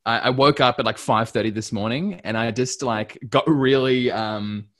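A man's voice: medium pitch, normal speed, fairly bright tone. A man co-hosting a casual podcast, talking in an easygoing, self-deprecating way with frequent restarts. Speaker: podcast co-host.

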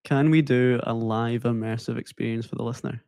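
A man's voice: medium pitch, fairly even intonation, a little fast, gravelly, a little mellow, clean tone, no room sound, studio quality. A man hosting a podcast interview, asking eager, friendly questions in a casual way. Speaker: podcast host.

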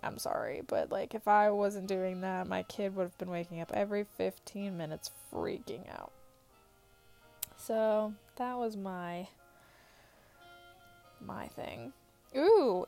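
Giggly young mom, casual vlog chat, mellow and slightly high, soft music underneath. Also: female voice, creaky. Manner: chatty, giggly, lots of "like" fillers. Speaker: new mom answering viewer questions.

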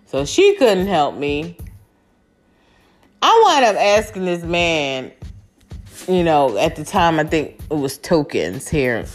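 Chatty woman telling a dating story. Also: low-pitched. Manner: animated, chatty, swears casually, quotes others in raised voices. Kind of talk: casual storytelling to camera.

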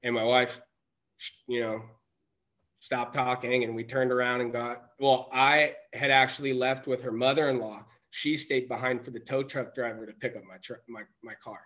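A man's voice: mid-range voice, flat delivery, moderate pace, a bit bright. A man telling a personal story as a podcast guest, rambling with many restarts and self-corrections. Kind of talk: casual storytelling.

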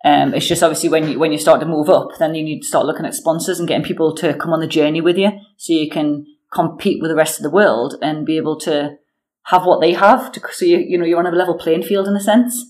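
Chatty woman telling lively stories. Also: low-pitched, fast. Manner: chatty, lots of fillers, animated storytelling. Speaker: interview guest, biathlete. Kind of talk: casual interview chat.

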